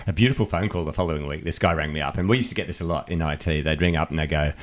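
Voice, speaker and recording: Man, middle-aged, very low voice, lively storyteller who voices the people in his stories. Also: very fast, few pauses. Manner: animated storyteller acting out phone calls. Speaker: podcast co-host. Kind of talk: casual chat.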